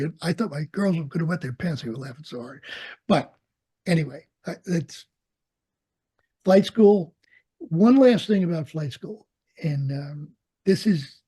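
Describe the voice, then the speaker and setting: Older man, veteran interviewee; husky, mellow voice, lively storyteller who acts out the dialogue. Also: on the high side. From United States. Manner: animated storyteller, acts out quoted dialogue, laughs often. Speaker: interviewee, Vietnam veteran pilot. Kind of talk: storytelling in an oral history interview.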